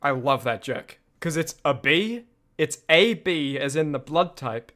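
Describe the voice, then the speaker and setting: A man with a fairly high, bright, expressive voice speaks at an unhurried pace. He's a streamer riffing loosely on his own videos, rambling, laughing often, and restarting his sentences again and again.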